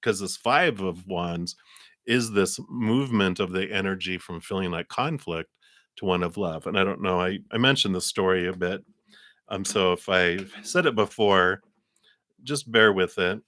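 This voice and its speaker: A very deep-voiced man gives a live tarot reading, his tone bright and forceful. He rambles through long, winding explanations full of fillers. The sound is close and dry. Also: no room sound. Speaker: tarot reader.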